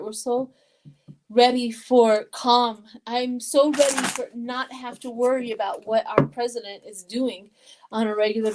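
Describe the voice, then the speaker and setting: Older woman, tarot reader on a live stream, a touch high-pitched, emotional and talkative. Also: noisy background. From Colorado, USA. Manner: emotional, chatty, reads viewer comments aloud.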